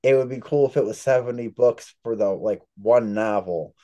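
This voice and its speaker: A man's voice: mid-range voice, normal speed, dark tone. A man being interviewed as an author, telling long, rambling stories in a casual chat. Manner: chatty, rambling storyteller. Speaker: author guest.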